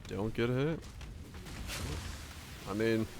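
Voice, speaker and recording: Male game streamer, lowish gravelly voice, relaxed running commentary. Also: drawn-out words, background noise. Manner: laid-back, thinks aloud, swears casually. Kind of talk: casual live gameplay commentary.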